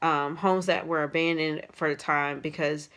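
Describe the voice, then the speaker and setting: A young adult woman tells a personal story to her vlog audience in a casual, rambling way. Her voice sits a little low for a woman, and she leans on fillers and restarts as she talks. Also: fairly even intonation, normal speed, a bit bright, smooth. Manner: rambling, many fillers and restarts, emotional retelling. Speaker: vlogger.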